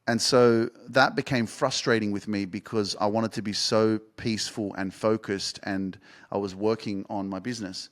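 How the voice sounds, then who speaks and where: A man's voice: on the low side, steady tone, moderate pace. A young man hosting a podcast, telling a personal story in a casual, rambling way and swearing freely. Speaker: podcast host and life coach.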